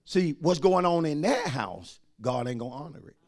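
A man, preaching a sermon as pastor and swinging from quiet asides to shouted lines. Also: on the high side, lively intonation, moderate pace.

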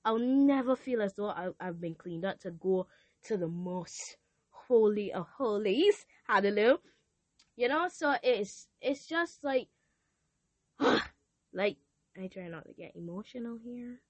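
A woman's voice: medium pitch, measured pace, no echo. A teenage girl hosting a podcast, speaking earnestly and confessionally in a casual talk about faith. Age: teens. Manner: earnest, confessional, animated quoting. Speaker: podcast host.

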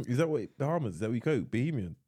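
A man's voice: medium pitch, big pitch swings, very fast, dark tone, breathy edge. A man co-hosting a podcast in casual banter, teasing and quizzing his co-host, often laughing.

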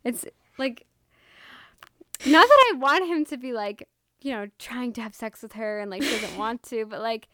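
A woman's voice: on the high side, expressive, moderate pace, fairly bright tone. A woman casually gushing about a novel with a friend, using lots of fillers. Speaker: co-host. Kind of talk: casual book discussion.

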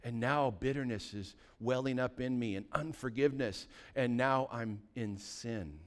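A man in his fifties from California, a pastor telling a personal story in a lively, anecdotal way, with sudden loud bursts. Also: medium pitch, a little slow. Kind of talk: sermon storytelling.

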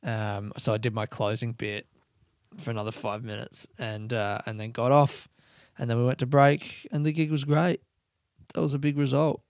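Soft-spoken man with a gravelly voice. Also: medium pitch, level tone, moderate pace, no room sound, clean studio sound. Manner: talking softly and quietly, rambling. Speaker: comedian podcast host. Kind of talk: casual solo podcast chat. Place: own house, late at night.

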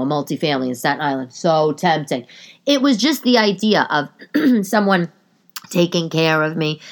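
A woman in her thirties hosts a podcast from her living room and talks in a loose, rambling way. Her voice sits a little low, and she keeps doubling back with restarts and asides. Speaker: podcast host. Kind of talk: casual monologue.

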